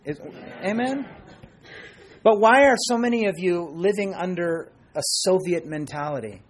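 A middle-aged male pastor preaching a sermon in an animated way, dropping into quiet asides and acting out quoted voices. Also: high-pitched, a little slow.

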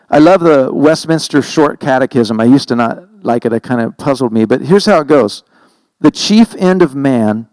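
A man's voice: mid-range voice, a little mellow, dry recording, rough recording. Earnest middle-aged male pastor preaching. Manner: earnest, conversational preaching with self-corrections. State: emotional, heavy-hearted. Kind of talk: sermon.

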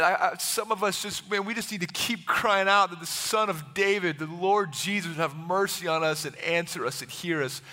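Male preacher, high bright voice, impassioned and repetitive, long hall reverb. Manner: impassioned, repetitive, acts out the voices of Bible figures. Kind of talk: sermon.

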